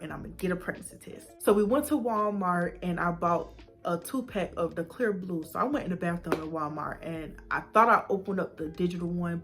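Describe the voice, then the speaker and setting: Young woman vlogging her story, lowish voice, whispers and gasps as she retells it. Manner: animated retelling, acting out her own past reactions with whispers and gasps. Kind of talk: personal storytelling vlog.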